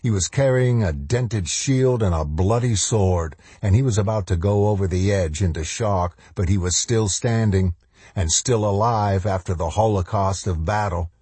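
The narrator is a man voicing a novel in a husky, low, dark tone, deliberately paced and slowing further for the most important lines. The sound is close-miked and dry, free of room sound and echo.

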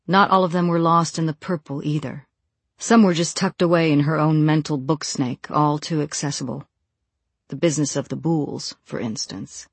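An audiobook narrator reading a novel in a measured, even storytelling voice. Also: mid-range voice, husky, no echo. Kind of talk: scripted narration.

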